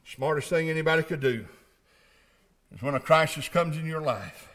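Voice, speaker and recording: A middle-aged male pastor preaching a sermon in a church, folksy, moving between quiet storytelling and shouted climaxes. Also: a little high, animated, moderate pace.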